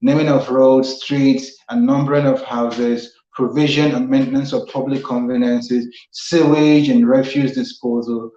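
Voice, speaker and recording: A man's voice: mid-range voice, steady tone, measured pace, few pauses, mellow. A Nigerian man hosting a civic talk show, earnestly explaining the constitution and repeating phrases for emphasis. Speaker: host. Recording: roomy, slightly dull sound.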